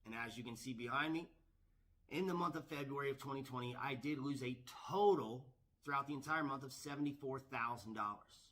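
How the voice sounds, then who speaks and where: A man's voice: medium pitch, brisk, fairly bright tone, a little hiss or hum. A man, a professional gambler, telling a story to camera in an eager, boastful, repetitive way.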